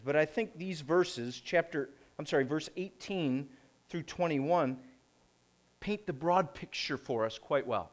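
A middle-aged man preaching a conversational sermon, posing rhetorical questions and pausing deliberately. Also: on the high side. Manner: slow, deliberate delivery with pauses. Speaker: pastor.

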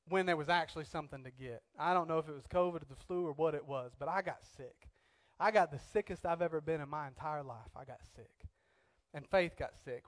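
A young man preaching, telling a personal story with animated bursts and quiet, reflective stretches. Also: fairly high pitch, no echo.

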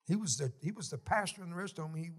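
A middle-aged man preaching a sermon, telling folksy stories with emotion and sudden shouted swells. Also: on the high side, expressive, fast, slightly rough. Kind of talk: sermon storytelling.

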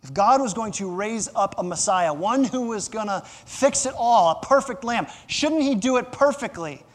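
A man's voice: sits high, expressive, normal speed. A man preaching a sermon as pastor, emphatic, repeating phrases for stress and asking the congregation to fill in words. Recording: long hall reverb.

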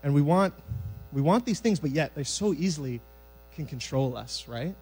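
A man preaching a sermon in a church sanctuary, conversational and lively, acting out scenes from scripture. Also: on the high side, normal speed, slightly rough, soft background music, rough recording.

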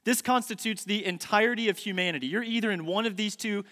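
A man in his thirties preaches from the pulpit with a high, bright, ringing voice. He leans hard on key words and repeats them slowly for emphasis. His voice trails off into the long echo of a large church sanctuary. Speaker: pastor. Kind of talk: sermon. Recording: long reverb of a large hall.

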